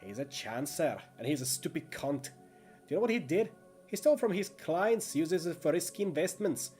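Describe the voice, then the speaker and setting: A man's voice: medium pitch, normal speed, a little mellow, soft background music, lightly acted. A man voicing a wiry, crude and menacing small-time thug with a Dublin accent. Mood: sneering, menacing. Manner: crude, swaggering, sneering.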